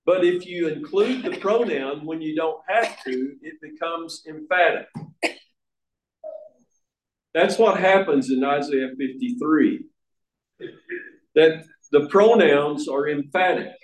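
A man preaching a sermon, slow and emphatic, repeating words for stress. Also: on the high side, a little hiss or hum. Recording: echoey room.

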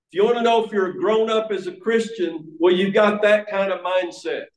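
A man delivers a sermon in an earnest, emphatic way, restarting a phrase now and then. His voice sits a little high for a man. The sound carries the echo of a roomy church sanctuary. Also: normal speed, hardly any pauses, a little mellow. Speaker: preacher. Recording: echoey church room.

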